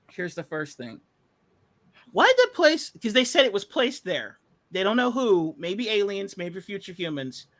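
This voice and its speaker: A podcast host in casual rant mode, swearing and sarcastic, rambling through fillers and half-finished thoughts. The voice sits mid-pitch but leaps and dips constantly with lively intonation. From United States. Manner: profane, sarcastic, exasperated. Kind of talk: casual ranting commentary.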